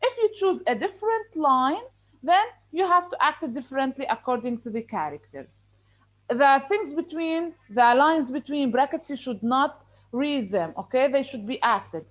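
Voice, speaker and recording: Woman teacher, high voice, explaining an assignment, keeps asking okay. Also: sing-song, moderate pace, rough recording. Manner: repetitive, checking in with "okay?". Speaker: English teacher. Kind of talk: online class instruction.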